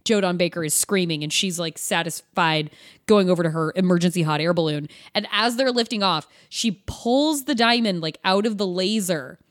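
A woman's voice: on the low side, moderate pace. A woman co-hosting a podcast, casually recapping a movie with sarcastic, profane asides. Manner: animated, profane, sarcastic retelling. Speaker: podcast co-host. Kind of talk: casual chat recapping a film.

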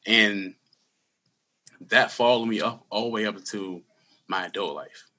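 A man in his thirties telling his personal story in an interview, earnest and candid, with halting restarts. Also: lowish voice, steady tone, bright, forceful tone. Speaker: guest; school security worker.

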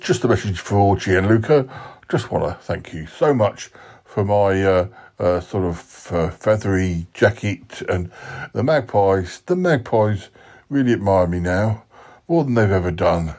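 A man's voice: lowish voice, expressive, unhurried, a little mellow. A man voicing a rambling, hesitant older uncle who keeps magpies.

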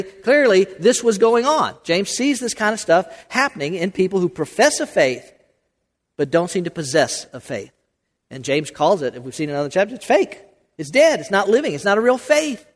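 A male pastor preaches in a loose, conversational way, circling back on his words and tossing questions to his listeners. His voice sits high. A long reverb trails each phrase in the church. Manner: conversational, many restarts and rhetorical questions. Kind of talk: sermon.

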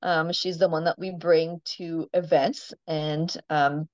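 A chatty woman tells farm animal stories in a relaxed interview, with frequent laughs and easy "um"s. The sound is dry and a little muffled, with no room echo. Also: low-pitched, takes it slowly. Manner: chatty storyteller, laughs often, many ums. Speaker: farm animal owner, guest. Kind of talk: casual interview chat.

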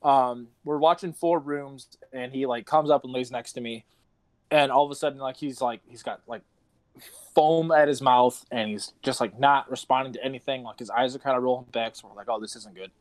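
A man's voice: mid-range voice, steady tone, normal speed, no room sound. A young man telling rambling stories on a casual podcast, swearing often and laughing between lines. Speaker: podcast host.

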